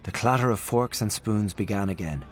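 A man reading a literary story aloud in a measured, expressive storytelling manner. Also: fairly low pitch. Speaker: audiobook narrator. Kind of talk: literary audiobook narration.

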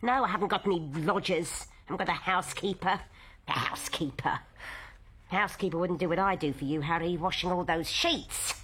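An actress playing a tough, worn-down middle-aged housewife who talks bluntly and plainly about hard times. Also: female voice, on the low side, brisk, fairly bright tone, slight background noise, lightly acted. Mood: fussing. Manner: blunt, matter-of-fact, worn down. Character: tough weary working-class London housewife. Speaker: wife and host of old friends. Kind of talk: stage drama dialogue.

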